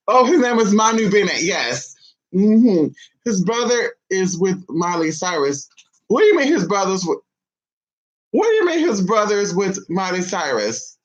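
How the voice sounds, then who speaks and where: A woman vlogger in casual chat to camera, sassy and chatty, calling her listeners honey and swinging her voice between high and low. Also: very animated, unhurried, dull audio.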